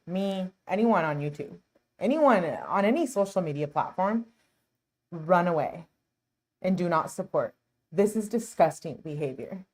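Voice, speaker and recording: A woman's voice: on the low side, darkish tone. A woman hosting a true crime channel, talking casually and earnestly over footage she plays. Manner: earnest, outspoken, chatty.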